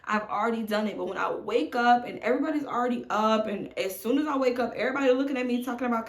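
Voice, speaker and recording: Speaking fast with hardly any pauses, her voice on the high side, a thirtysomething mom vlogger confides in her camera from home and addresses viewers as y'all. It's an emotional, candid chat, captured by a tripod-mounted phone in a room with echo.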